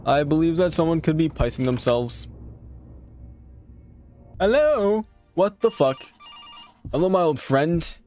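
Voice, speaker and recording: A man's voice: on the high side, animated, unhurried, long pauses, a little mellow, faint music behind. A man streaming a horror game, reacting to scares, swearing at the game and talking back to what he sees on screen. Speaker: gaming streamer. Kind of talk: horror game let's play commentary.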